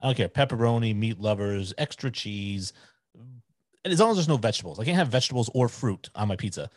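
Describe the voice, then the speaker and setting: A man's voice: fairly low pitch, animated, quick pace, no room sound. A man in his forties, a podcast guest chatting casually in an easygoing, opinionated way.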